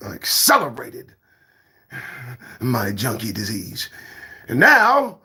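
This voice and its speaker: A man hosting his own morning show, talking in a profane, preachy monologue that swings between shouts and whispers. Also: medium pitch, huge pitch swings, takes it slowly, slightly rough. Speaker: show host.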